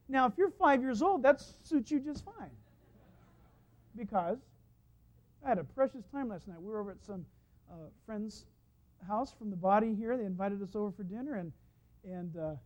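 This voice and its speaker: Lively storytelling pastor, man. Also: sits high. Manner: storytelling, lively, laughs at his own stories. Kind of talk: sermon. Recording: dull lo-fi sound.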